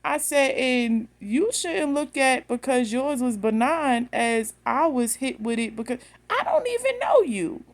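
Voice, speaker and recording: A woman's voice: sits high, expressive, unhurried, few pauses. A woman, telling a story bluntly and with animation straight to her phone camera. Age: 30s. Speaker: vlogger.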